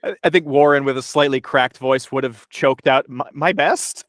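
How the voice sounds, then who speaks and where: A man's voice: mid-range voice, steady tone, normal speed, no echo, studio quality. A man playing a tabletop game, speaking in a wry, self-deprecating way about his character's bad luck. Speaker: player.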